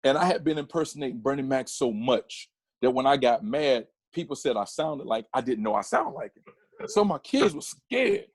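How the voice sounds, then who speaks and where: A man talking as a podcast guest, his voice husky and his delivery animated, often restarting mid-sentence. The sound is close and dry, with no room around it. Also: medium pitch, fairly quick, few pauses, no echo. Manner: animated storyteller with many restarts. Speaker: podcast guest, comedian and photographer. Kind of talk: casual interview chat.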